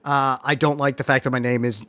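A man's voice: mid-range voice, little pitch movement, a little fast, pushed and bright, no echo. A man co-hosting a casual movie review podcast, wry and chatty, often trailing off at the end of a thought. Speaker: podcast co-host.

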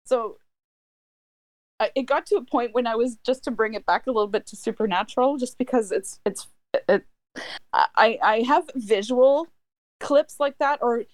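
Chatty middle-aged woman, high voice, laughs a lot, dry close sound. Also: normal speed, no room sound. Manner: chatty, laughs often, trails off and restarts. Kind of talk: casual chat.

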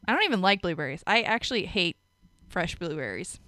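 A woman's voice: on the low side, very animated, a little fast, bright, forceful tone, dry recording. A woman co-hosting a casual podcast chat, talkative, laughing often and swearing offhandedly. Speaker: podcast co-host.

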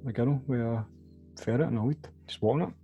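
Guy talking fast, rambling on with stories, faint music behind. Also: mid-range voice, warm tone, muffled recording. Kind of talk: casual banter.

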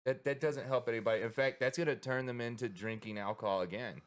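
A man's voice: medium pitch, quick pace. A man co-hosting a podcast, talking in a loose, rambling way with lots of swearing and acted-out quotes. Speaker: podcast co-host. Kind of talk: casual chat.

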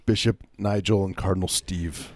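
A man co-hosting a comedy podcast, playing along deadpan with halting, restarting sentences. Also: low voice, dry recording, studio quality. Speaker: podcast co-host. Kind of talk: improvised comedy banter.

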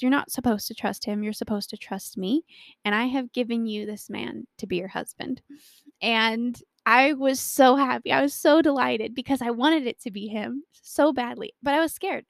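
A young woman shares a personal faith story, acting out each quote with lively energy. Her voice sits a little high and has a gravelly, creaky texture. The sound is dry and close, with no room around it. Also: normal speed, no echo. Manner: animated storytelling with acted quotes. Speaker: Christian speaker.

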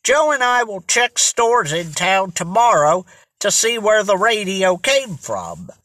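Reader as a level-headed teen sleuth, slow even delivery. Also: mid-range voice, no room sound, full character voice. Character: teenage boy detective, older brother, calm.

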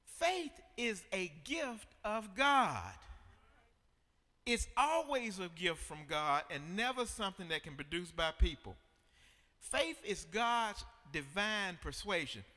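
A man's voice: sits high, animated, slow pace, sharp tone, in a large hall. A man preaching a sermon as pastor, with emphatic repetition and call-and-response with the congregation.

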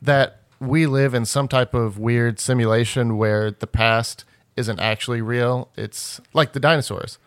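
A man's voice: medium pitch, fairly even intonation, measured pace, smooth, no echo. Anecdote-telling co-host, a man with a mid-range voice who acts out quoted lines, dry close mic. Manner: storytelling, acts out quoted speech. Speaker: podcast co-host. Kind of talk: casual group chat.

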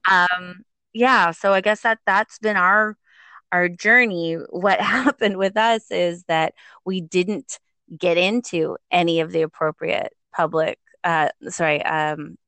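A middle-aged woman, a guest telling a personal story in an animated, conversational way, often acting out the voices of others and laughing. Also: lowish voice, slow, no room sound. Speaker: guest, parent.

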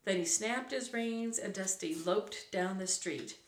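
Slow-reading woman in an echoey room. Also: medium pitch, slight background noise. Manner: unhurried reading with occasional self-corrections. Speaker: reader. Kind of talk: reading a children's book aloud. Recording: roomy echo.

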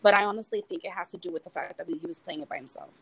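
A woman, a guest in a casual chat, tells a story in an earnest, halting way. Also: lowish voice, a bit bright, slightly rough, no echo, poor audio.

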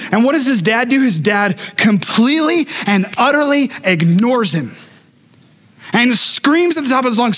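A man preaching a sermon in a noticeably high voice for a man. He tells lively stories, throws in humorous asides to the congregation, and acts out the people he quotes. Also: moderate pace. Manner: animated storyteller acting out quoted voices. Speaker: pastor.

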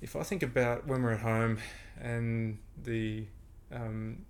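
A man, a podcast guest and breathing coach, explaining in a relaxed conversational way and often repeating words as he thinks. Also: mid-range voice, slow.

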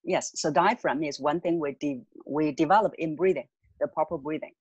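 A voice coach calmly and patiently explaining voice techniques as an interview guest. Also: mid-range voice, normal speed, breathy edge, dry recording, dull audio. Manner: calm, patient, instructive.

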